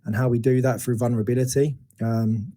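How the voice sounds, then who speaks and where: This men's educator in his forties speaks a little fast, with medium pitch, fairly even intonation and a dark tone. As a podcast interview guest, he shares a painful personal story frankly and reflectively, restarting sentences often and performing quotes.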